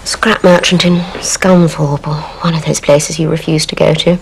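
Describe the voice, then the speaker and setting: A woman with a posh English accent, playing a crisp, dryly scornful character who trades secrets. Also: sits low, steady tone, normal speed, slight background noise, low-quality recording. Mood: cool. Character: posh, sharp-tongued woman, playing both sides.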